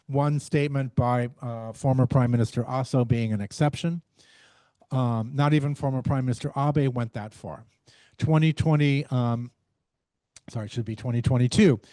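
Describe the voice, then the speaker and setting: A man presents his research in a measured academic talk, pausing on fillers and correcting himself as he goes. His voice sits in the middle range, recorded dry and close with little room sound. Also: medium pitch, dark tone, no room sound. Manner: measured, frequent fillers and restarts.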